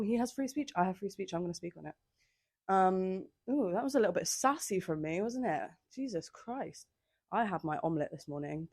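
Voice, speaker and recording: A woman's voice: lowish voice, no room sound. A young woman hosting a casual solo podcast, chatting in a rambling, filler-heavy way with sassy asides, recorded outdoors on a handheld microphone. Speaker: podcast host. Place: outdoors on holiday by the sea.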